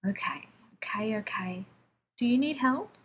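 A woman voicing a steady male soldier who keeps his voice low and calm to reassure his partner. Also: a little slow, slight background noise.

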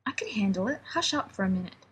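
A woman's voice: mid-range voice, lively intonation, measured pace, a little hiss or hum. A woman voicing an anxious, prickly male scientist who rambles sarcastically while defusing a bomb. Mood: nervous rambling.

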